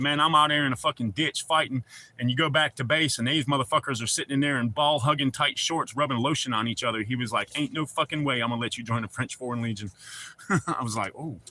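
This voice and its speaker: A man with a medium-pitched voice, pushed and bright, hosts a livestream and chats casually and profanely with viewers. He jokes around and talks back to chat, and there's a little hiss or hum on the audio.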